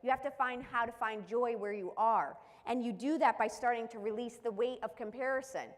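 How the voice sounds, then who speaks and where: A woman mental skills coach delivers an emphatic, preaching motivational talk, firing off rhetorical questions at her listeners. Her voice sits high and carries a long reverb tail, as in a big hall. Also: brisk. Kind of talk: motivational live-stream talk.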